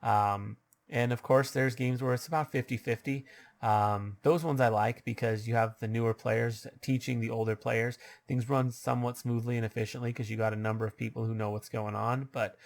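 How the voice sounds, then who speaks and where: A man casually explaining how tabletop role-playing games work, rambling along with lots of ums and uhs. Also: mid-range voice.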